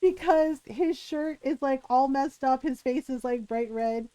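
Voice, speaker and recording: A woman streamer casually telling a story to her live chat, animated and laughing often, checking in with "right?". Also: high-pitched, unhurried, no room sound, poor audio.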